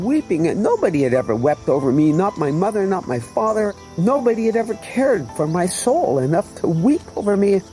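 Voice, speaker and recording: A man's voice: fairly high pitch, warm tone, rough recording. An older man earnestly telling his personal faith testimony in an emotional storytelling way. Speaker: testimony speaker.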